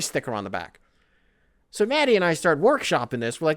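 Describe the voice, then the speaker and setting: A man's voice: high voice, big pitch swings, brisk. A man in his thirties hosting a podcast, rambling through a comedic monologue with lots of profanity. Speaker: podcast host.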